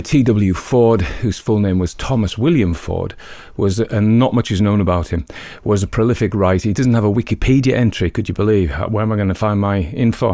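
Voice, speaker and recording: Deep voiced guy hosting a story podcast, chatty, keeps correcting himself, dry close sound. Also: a little mellow, no room sound. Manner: chatty, self-correcting, frequent fillers. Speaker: podcast host. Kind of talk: casual commentary between stories.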